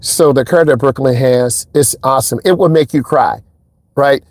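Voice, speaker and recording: A man's voice: moderate pace, no echo. Chatty male driving instructor. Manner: animated storyteller, acts out quotes in a higher voice. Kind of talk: casual vlog talk. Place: inside a car.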